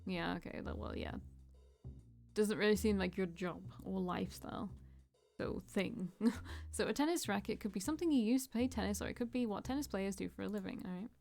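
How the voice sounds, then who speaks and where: A woman's voice: medium pitch, a little fast, gravelly, darkish tone, soft background music. Woman casually reading a game aloud. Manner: reads lines then chats and jokes about the slang. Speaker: streamer reading a visual novel aloud. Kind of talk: casual let's-play reading with asides.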